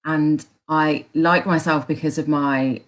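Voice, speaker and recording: A woman's voice: low-pitched, fairly even intonation, takes it slowly. A woman with a Birmingham accent, a coach giving encouraging advice in a casual chat and often restarting her phrases. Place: live online chat.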